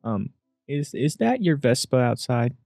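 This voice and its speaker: A man's voice: mid-range voice, sing-song, a little slow, vocal fry, warm tone, faint music behind. A young man commenting casually on a game, muttering to himself with joking asides. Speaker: gamer.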